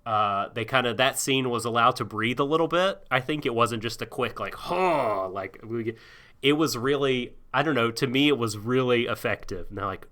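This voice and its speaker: A man with a very bright, forceful voice co-hosting a casual anime podcast. He rambles and restarts often as he works through his thoughts. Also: medium pitch, normal speed. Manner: rambling, hesitant, many restarts, acts out quotes. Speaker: podcast co-host.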